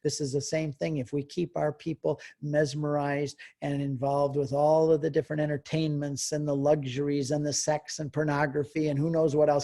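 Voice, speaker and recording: An older man giving a storytelling Catholic retreat talk, passionate and exhorting, moving between quiet earnest stretches and fervent outbursts. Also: fairly high pitch, gravelly.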